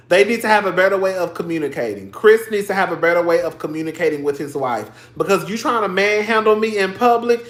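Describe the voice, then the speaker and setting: A man hosting a casual livestream, talking in a sassy, animated and profane way and laughing often. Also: sits high. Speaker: livestream host. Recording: roomy echo.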